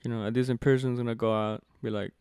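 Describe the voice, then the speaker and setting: A man's voice: mid-range voice, little pitch movement, quick pace, darkish tone, clean tone, no room sound, clean studio sound. A young man co-hosting a podcast, telling stories in a laid-back way and laughing often. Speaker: podcast co-host. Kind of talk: casual chat.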